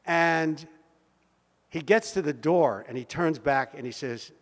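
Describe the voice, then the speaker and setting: Older male storyteller, seventies, lively delivery with pauses for effect, long reverberant hall. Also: a little high. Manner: animated, vivid storyteller with dramatic pauses. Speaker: speaker at a community meeting. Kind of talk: personal storytelling talk. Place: meeting hall.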